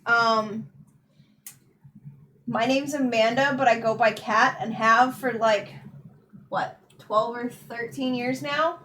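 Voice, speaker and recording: A woman's voice: on the high side, a bit bright, slight background noise. A woman co-hosting a casual livestream, reading chat aloud and laughing often.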